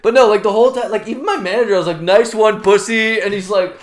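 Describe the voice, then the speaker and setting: A man's voice: high voice, very fast. A young man co-hosting a casual podcast, telling stories with lots of swearing and laughter and acting out what people said. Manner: swearing, laughing, acts out quotes loudly. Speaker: podcast co-host. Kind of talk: casual chat, storytelling. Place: sauna.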